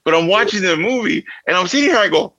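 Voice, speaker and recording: A man co-hosting a podcast, chatting casually and excitably, laughing often. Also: high-pitched, fast. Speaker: podcast co-host. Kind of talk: casual chat. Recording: dry, dull sound.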